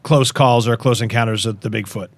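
A man's voice: mid-range voice, fairly quick, dry recording. Guy hosting a podcast, mid voice, dry close sound, easygoing questions. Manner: relaxed, hesitant questioner with fillers. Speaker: podcast host. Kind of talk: interview questions.

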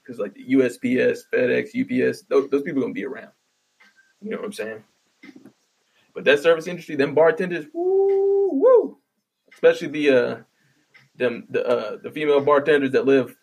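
A gravelly, husky-voiced man rants, swearing constantly and stumbling over his words. His exasperation drives the whole delivery, with plenty of restarts along the way. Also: mid-range voice. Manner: profane, ranting, exasperated, stammering restarts. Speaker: vlogger ranting. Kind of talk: profane comedic rant.

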